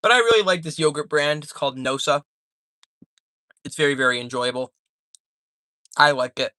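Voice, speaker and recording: On a live stream, a young man chats casually, rambling and joking while reading the chat aloud. His voice is a little high, bright and forceful, at normal speed. The sound is studio quality, with no room sound.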